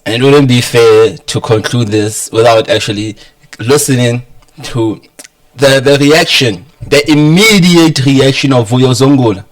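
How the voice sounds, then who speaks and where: A man's voice: medium pitch, measured pace. A man giving casual, amused political commentary to his viewers. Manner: chatty, amused, chuckles between points.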